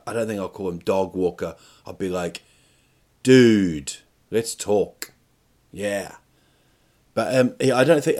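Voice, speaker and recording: A man's voice: lowish voice, darkish tone. A man hosting a podcast, talking alone in a rambling, jokey way that keeps breaking off and restarting, with plenty of swearing. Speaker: podcast host. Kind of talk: rambling comedic monologue.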